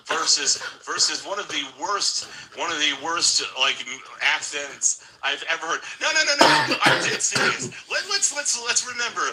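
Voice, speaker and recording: A man's voice: on the high side, sharp tone, low-quality recording. A man calling in to argue politics, rambling and restarting his sentences. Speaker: caller. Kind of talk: casual political debate.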